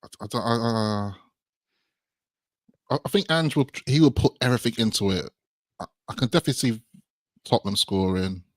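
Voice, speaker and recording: A man's voice: on the low side, fairly quick, pauses often, no echo. A young man co-hosting a casual football podcast, speaking with hesitant, stammering restarts. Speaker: podcast co-host.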